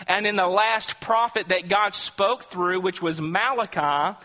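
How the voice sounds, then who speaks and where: Earnest preacher guy, fairly high voice, emphatic, sermon echoing around a big hall. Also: measured pace, pushed and bright. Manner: earnest, emphatic, with acted-out quotes and rhetorical questions. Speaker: pastor.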